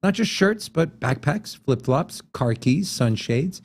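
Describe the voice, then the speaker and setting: A man's voice: a little high, lively intonation, slow pace. A man hosting a casual talk show, rambling through a sign-off with plenty of fillers. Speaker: show host. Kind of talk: casual podcast chat.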